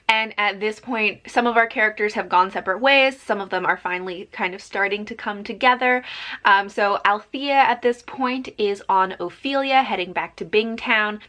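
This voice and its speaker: A woman's voice: fairly high pitch, bright, forceful tone. Chatty young woman reviewing a book. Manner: chatty, with fillers like "um" and "like". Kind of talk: casual spoken book review.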